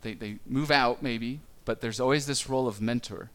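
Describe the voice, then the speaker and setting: A man giving a sermon on parenting in a relaxed, conversational way, stumbling a little and briefly acting out quotes from parents and children. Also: medium pitch. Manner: conversational, with small stumbles and quick acted-out quotes. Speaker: pastor.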